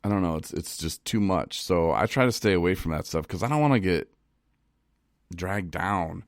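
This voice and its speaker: Deep-voiced man talking on a live stream. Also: lively intonation, no echo, studio quality. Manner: halting, repeats words, laughs at himself. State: choked up. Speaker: recovery vlogger. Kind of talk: casual live-stream monologue. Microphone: phone.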